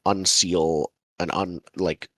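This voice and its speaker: Deep-voiced halting tabletop player. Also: male voice, little pitch movement, dry recording. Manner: thinking aloud, halting. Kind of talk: casual tabletop game chat.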